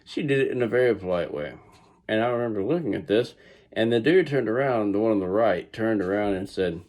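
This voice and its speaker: A man's voice: on the low side, brisk, darkish tone. A middle-aged man with a Southern US accent tells a story casually, rambling with restarts and asides. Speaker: vlogger.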